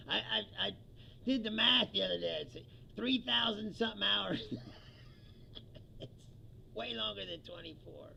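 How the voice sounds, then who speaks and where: Man, livestream host, political rant, profane and mocking, high-pitched, raspy fry, dull lo-fi audio. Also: moderate pace, long pauses, sharp tone, slight background noise. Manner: profane, mocking, laughs often, mimics quotes.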